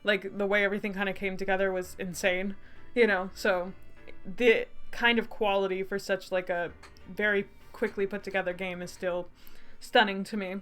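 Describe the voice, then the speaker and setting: A woman's voice: mid-range voice, level tone, moderate pace, fairly bright tone, clear, resonant tone, faint music behind. Chatty woman streamer, giggly. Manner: chatty, laughs often, reads game text aloud. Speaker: streamer, game developer. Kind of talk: casual let's-play narration.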